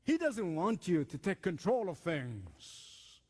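A man's voice: high-pitched, wildly swooping pitch, slow, a little mellow, pitched below the performer's own voice, full character voice. A man preacher voicing the serpent as a sly, wheedling male tempter who mocks and insinuates. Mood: insinuating. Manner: mocking, insinuating.

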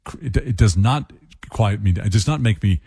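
A man's voice: on the low side, lively intonation, moderate pace, vocal fry, dark tone, husky, no room sound, clean studio sound. A man hosting a radio tip segment, chatty and laughing as he talks. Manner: chatty, laughs while talking. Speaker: radio show host.

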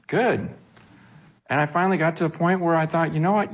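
A man with a high voice gives a conversational sermon. He keeps it loose and animated, slipping into the voices of the people he quotes. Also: fairly quick, long pauses. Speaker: pastor.

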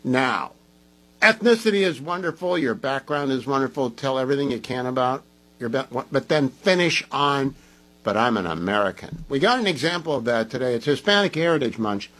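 A male talk radio host speaking in an emphatic, opinionated way. His voice sits at an ordinary middle pitch, and he drives his points home directly to listeners. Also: expressive, fairly quick, a bit bright, rough recording. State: groggy from medication.

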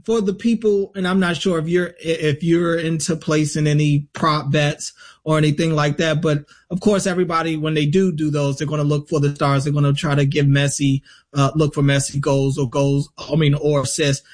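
A man co-hosting a casual sports chat, winding his way through a question and rephrasing as he goes. His voice is a touch high. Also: level tone, normal speed. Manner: meandering, rephrases as he asks. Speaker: co-host.

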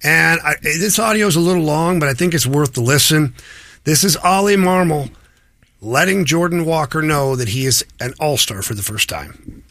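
A man's voice: on the high side, lively intonation, moderate pace, sharp tone, no room sound. A man hosting a casual baseball talk show, easygoing and teasing. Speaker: host. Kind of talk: casual sports chat.

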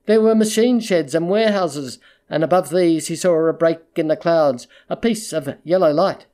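A measured audiobook narrator reading literary fiction in a steady, mid-pitched voice. The delivery is even and controlled, with a pace that quickens and slows along with the story.

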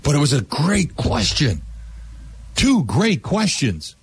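A man with a husky, slightly high voice rants through a sports talk segment. His pitch swings widely as he acts out what others should have said, hammering each point home. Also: huge pitch swings, slow. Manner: emphatic, ranting, acts out quotes in a raised voice. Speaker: sports talk show host. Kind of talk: animated radio sports talk.

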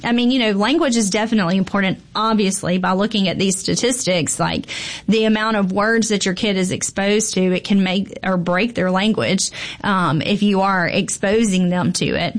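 A woman's voice: mid-range voice, moderate pace. A woman pediatrician talking casually and emphatically, with frequent fillers and repeated phrases for stress. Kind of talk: casual podcast chat.

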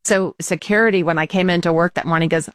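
A woman co-hosting a casual talk show, telling a story with animated quotes and laughs. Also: on the low side, quick pace, no echo, clean studio sound.

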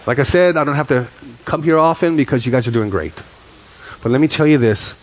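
A man in his forties, a pastor preaching a sermon, telling stories with quick bursts and emphatic repetition. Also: mid-range voice, a little hiss or hum.

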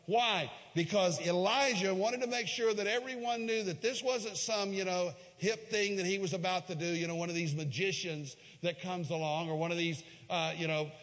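Animated preacher in a reverberant hall. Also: male voice, normal speed, few pauses. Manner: storytelling preacher, swings between loud emphatic peaks and quiet low asides. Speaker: pastor. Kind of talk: sermon.

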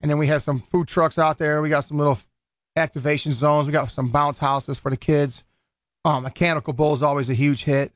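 A man with a slightly higher-than-usual voice talks loosely as a guest in a radio studio, circling back and restarting his sentences. His voice sits dry and close on the studio microphone, with no room sound around it. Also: flat delivery, brisk, no room sound. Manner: rambling, loose, many restarts and fillers. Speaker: boxing event organizer. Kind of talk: casual radio interview.

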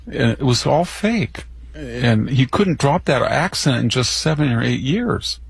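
A man's voice: medium pitch, animated, measured pace, creaky, slightly rough, no room sound. An older man giving indignant opinion commentary, rambling with restarts. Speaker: commentator guest.

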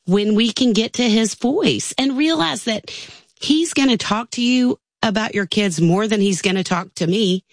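A woman, a guest in a casual faith chat, who agrees often and reads a devotional aloud slowly. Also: on the high side, dry recording.

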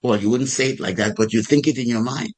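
Husky-voiced man preaching a sermon. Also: medium pitch, fast talker, low-quality recording. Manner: animated preaching, acting out prayers in a raised voice.

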